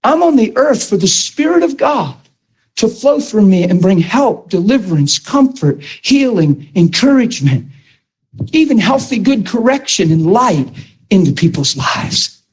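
A man preaching a sermon, telling a personal story with excited, emphatic delivery and frequent stammered restarts. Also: high-pitched, measured pace, breathy edge, poor audio.

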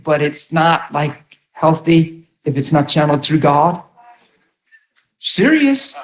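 A man preaches in a casual, emphatic manner, stumbling over repeated words as he gathers his thoughts. His voice sits a touch higher than most men's. The room around him rings with echo. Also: gravelly. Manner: conversational, emphatic, repeats words when starting. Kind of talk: sermon.

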